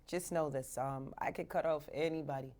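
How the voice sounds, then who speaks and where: A woman's voice: low-pitched, fairly even intonation, moderate pace, a little mellow. A woman from Canada hosting a live radio show, talking casually and animatedly, slipping in Jamaican patois phrases, from a radio studio.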